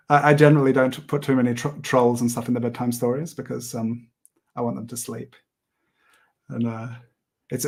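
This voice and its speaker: A man hosting an art livestream, chatting casually while he sketches, rambling with many pauses and small laughs. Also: mid-range voice. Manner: rambling, hesitant, laughs often. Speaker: livestream host and artist.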